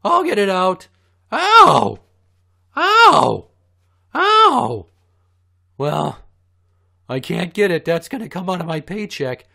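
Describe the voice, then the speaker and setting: A man voicing a whiny, nerdy teenage cartoon boy who works a fast-food job, with a squeaky, yelping delivery. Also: animated, gravelly, fairly bright tone, exaggerated voice.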